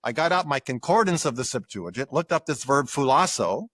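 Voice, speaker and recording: An older man, a guest scholar in an interview, explaining with lively examples and acted-out quotes. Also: mid-range voice, fairly quick, no room sound. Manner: animated explainer acting out examples.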